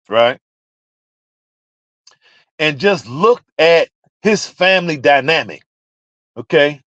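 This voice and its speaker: Animated laughing vlogger, lively pitch. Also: dry recording, muffled recording. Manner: animated, laughs often, profane. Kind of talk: ranting commentary to viewers.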